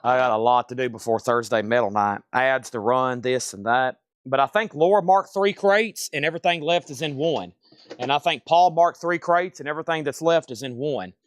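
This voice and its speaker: A man hosting a live record sale, rattling off items and prices in a casual, brisk way. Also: medium pitch, no echo, clean studio sound. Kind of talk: livestream sales pitch.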